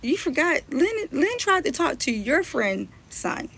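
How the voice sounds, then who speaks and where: Gravelly, confrontational woman blogger. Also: high voice, sing-song, measured pace, a bit bright. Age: adult, mother. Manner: confrontational, scolding. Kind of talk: live-stream rant.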